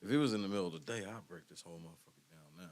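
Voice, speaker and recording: A man's voice: deep voice, rapid-fire, a little hiss or hum. A man hosting a show, reacting to video clips in casual, profane commentary and laughing often. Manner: profane, laughing, talking back to the clip.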